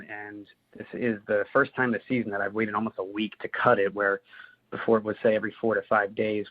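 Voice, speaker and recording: A man with a New Jersey accent calls in with a detailed, methodical question, using some "uh" fillers. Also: fairly low pitch. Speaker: caller. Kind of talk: recorded listener question. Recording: tinny phone-line recording.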